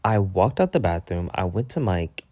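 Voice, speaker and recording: A man telling a storytime vlog in a casual, profane, animated rant, repeating himself for emphasis. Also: sits low, moderate pace, no echo, muffled recording. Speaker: vlogger.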